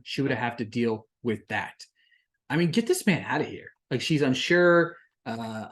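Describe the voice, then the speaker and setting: A podcast host talks through a reality-show recap in an easy, casual way, leaning on "like" as a filler. The voice sits in a middle pitch and shoots up, louder and higher, whenever the host gets worked up. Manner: animated and indignant, with frequent "like" fillers; rises sharply in pitch and volume when worked up. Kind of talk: casual solo recap commentary.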